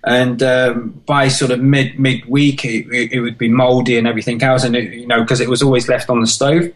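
A British man, a podcast guest, telling his life story in an earnest, halting, emotional way. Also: mid-range voice, little pitch movement, poor audio. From United Kingdom. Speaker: podcast guest, marathon runner. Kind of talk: personal life story in an interview.

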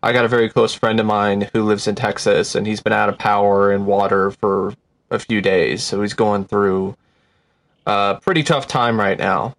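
A man's voice: on the low side, steady tone, normal speed, creaky. A man from Washington state co-hosting a casual chat, joking dryly with frequent hesitations. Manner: dry, joking, hesitant with fillers. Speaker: podcast co-host.

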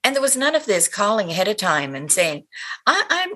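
Breathy older woman telling stories. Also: mid-range voice, fast talker. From Cape Breton, Canada. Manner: animated storyteller, acts out quotes. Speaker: guest. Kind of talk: conversational interview.

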